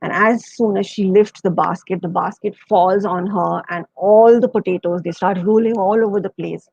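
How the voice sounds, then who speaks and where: A woman tells a children's story gently, her voice husky with a gravelly fry. The sound is dry and close, slightly dull like a radio broadcast. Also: medium pitch, steady tone, moderate pace, no echo. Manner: gentle, retelling with quoted voices. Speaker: storyteller guest.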